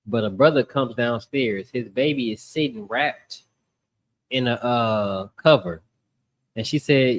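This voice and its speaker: A man hosting a casual podcast, telling stories in an animated way and acting out the voices of the people in them. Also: medium pitch, normal speed. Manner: animated storytelling, acts out voices. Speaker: podcast host.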